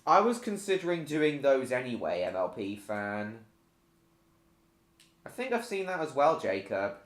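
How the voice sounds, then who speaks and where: A man's voice: mid-range voice, very animated, measured pace, echoey room. A man chatting casually on a live stream while gaming, answering viewers by name with many hesitant ums.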